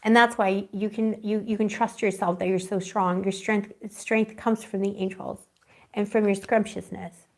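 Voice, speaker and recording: A woman talks her viewers through a live tarot reading at an average pitch. She rambles in a dreamy, affectionate way, stops to hunt for words, and keeps slipping in pet names for the people watching. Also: little pitch movement, moderate pace, a little mellow. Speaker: tarot reader.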